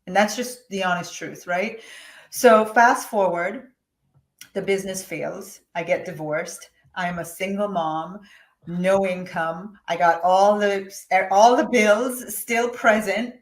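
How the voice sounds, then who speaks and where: A woman speaking in the middle of her range tells her story frankly and with emphasis. She swings dramatically between quiet, heavy moments and forceful outbursts. The recording has a lot of room echo. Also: mid-range voice, slow pace. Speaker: guest, business coach. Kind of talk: personal storytelling in an interview. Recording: echoey room.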